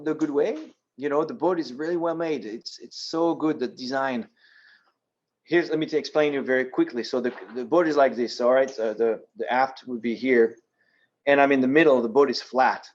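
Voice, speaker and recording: A man's voice: medium pitch, normal speed, muffled recording. A man from France with a French accent, a guest speaker answering audience questions in a practical, step-by-step way. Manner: practical, explains step by step with frequent ums and restarts. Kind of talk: presentation with audience Q&A. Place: yacht club meeting room.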